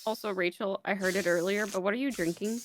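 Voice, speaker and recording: A woman's voice: mid-range voice, fairly even intonation, fast. A woman with a Canadian accent, bantering goofily in a casual gaming chat. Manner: goofy, giggly banter. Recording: music playing behind.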